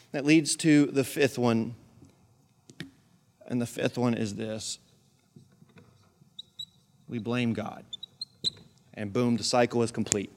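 A man's voice: mid-range voice, animated, measured pace, pauses often, a bit bright. A male pastor delivering a sermon, preaching emphatically with repeated phrases and big swings in volume.

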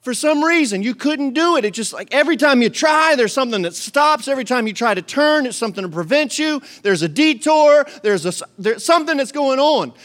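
A middle-aged man preaching a sermon, telling a story with lively acted-out voices and frequent laughter. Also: very high-pitched, a little fast, hardly any pauses. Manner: animated storytelling, acts out voices, laughs often. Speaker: pastor.

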